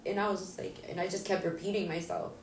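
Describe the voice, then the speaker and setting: An interview guest, a woman with a lowish voice and fairly even intonation, talks fast as she bluntly tells an emotional personal story, swearing and acting out what people said. Her delivery is raw. A distant mic picks up roomy echo, faint ambience and slight background noise.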